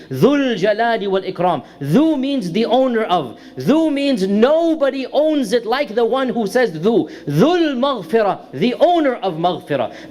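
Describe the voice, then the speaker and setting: A man lecturing to a congregation, explaining step by step and repeating key terms for emphasis. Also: very high voice. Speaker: religious lecturer. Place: Islamic centre lecture hall.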